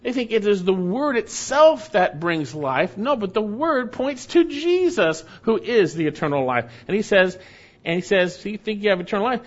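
A man with a fairly high voice preaches a Bible-teaching sermon, hammering home key phrases by repeating them. He slows right down to stress a point, then rattles off quick asides. The recording sounds dull and lo-fi. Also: sing-song. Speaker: pastor. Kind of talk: expository sermon.

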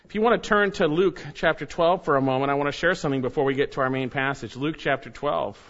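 A man delivers a sermon in a voice pitched somewhat high for a man, earnest and measured. He leans into key phrases as he teaches. The recording is dull and lo-fi. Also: a bit bright. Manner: earnest preaching, reads scripture aloud with rising emphasis. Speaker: pastor.

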